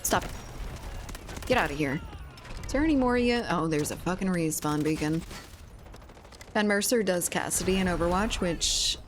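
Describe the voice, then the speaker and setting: Low-voiced Cajun woman streamer. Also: animated, moderate pace, pauses often, a little hiss or hum. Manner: rambling, laughing, swears casually. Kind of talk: casual chat while gaming.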